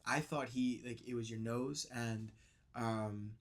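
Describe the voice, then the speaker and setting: A man chatting casually on a podcast, rambling with many fillers and trailing off quietly. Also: mid-range voice, fairly even intonation, slow pace, a crowd in the background. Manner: rambling, lots of likes, drops to quiet mumble. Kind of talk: casual chat.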